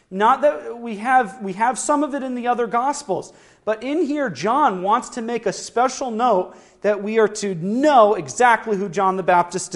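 A man preaching a sermon, asking his listeners questions and slowing into loud, declaring scripture quotes. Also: sits high.

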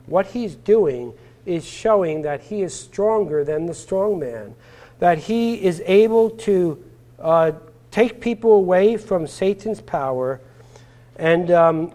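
A man's voice: a little high, dark tone. A man preaching a sermon, explaining scripture verse by verse with rhetorical questions and frequent filler words.

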